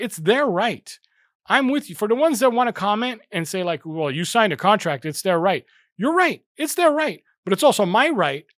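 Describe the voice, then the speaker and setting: A man's voice: high-pitched, no echo, studio quality. A young man hosting a football fan channel, ranting heatedly and repeating himself for emphasis. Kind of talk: passionate casual rant to camera.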